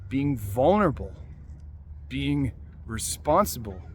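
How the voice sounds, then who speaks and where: A man's voice: medium pitch, big pitch swings, slow, slight background noise. A man hosting a motivational talk for fathers, speaking earnestly and often restarting his sentences. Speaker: life coach and host.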